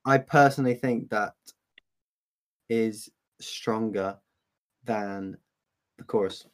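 A man in casual chat about music, hesitant and halting, often trailing off. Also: lowish voice, clean tone.

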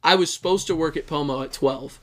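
A man's voice: a little high, a little fast. Chatty man telling a rambling story. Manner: rambling storyteller, swears, many fillers. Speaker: podcast co-host. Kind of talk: casual chat between brothers.

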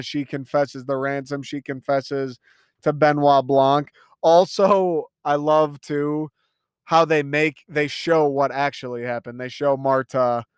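A young man talks through a movie in a loose, rambling monologue, swearing freely and laughing as he retells scenes. His voice sits a little high and comes across smooth and clear. The sound is dry and close, with no room echo. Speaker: youtuber reviewing a movie. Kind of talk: casual movie review monologue.

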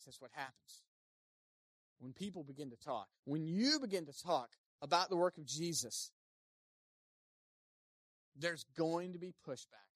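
A pastor preaching a sermon, animated, swinging between loud emphasis and quiet asides, and acting out the people quoted. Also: medium pitch, no echo, studio quality. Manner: acts out quoted speakers in playful voices.

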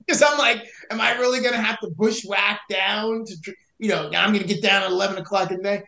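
A young search and rescue hiker appears on a podcast and casually tells of a hiking rescue, animatedly performing both halves of the conversation. His high-pitched voice is creaky and fairly quick, recorded in an echoey room.

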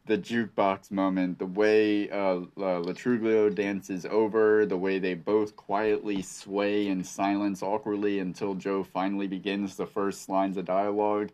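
A man co-hosting a podcast, walking through his favorite scenes of a film in a relaxed way. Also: on the low side, a little slow, hardly any pauses. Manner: relaxed, listing favorite scenes with a few fillers. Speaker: podcast co-host. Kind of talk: casual film discussion.

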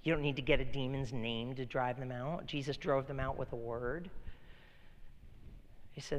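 A man pastor delivering a sermon, moving between loud emphatic bursts and quiet, intimate storytelling. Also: medium pitch, steady tone, normal speed, slight background noise. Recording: long hall reverb.

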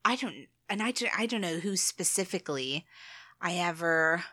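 A woman's voice: lowish voice, animated, moderate pace, sharp tone. A woman co-hosting a podcast, chatting casually, laughing often and restarting her sentences. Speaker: podcast co-host. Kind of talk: casual chat.

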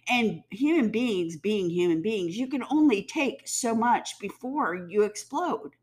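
A woman's voice: mid-range voice, lively intonation, unhurried. Profane, heated woman ranting. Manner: blunt, profane, heated, with mocking mimicry. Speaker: commentator. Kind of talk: ranting commentary.

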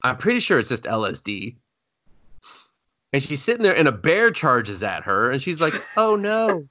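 A man co-hosting a casual podcast, recapping an anime with lots of swearing. His pitch swings widely as he acts out the characters' lines in exaggerated voices. The recording is close and dry. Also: sing-song, normal speed, bright, forceful tone, dry recording. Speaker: podcast co-host.

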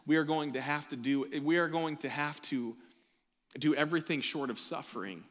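Preaching pastor in an echoey hall. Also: male voice, mid-range voice, a bit bright. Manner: preaching with rising intensity and emphatic slow repetition. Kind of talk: sermon. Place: church sanctuary.

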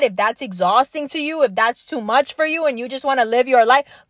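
Angry high-voiced woman ranting. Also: dry recording, clean studio sound. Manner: angry, emphatic, profane, repetitive. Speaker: podcast host. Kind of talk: impassioned monologue.

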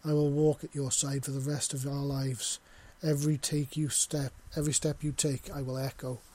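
A man voicing a tender male scaly clawed creature, speaking softly and with heartfelt devotion in a husky voice. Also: mid-range voice, level tone, moderate pace, close to an everyday voice. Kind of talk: audio story reading.

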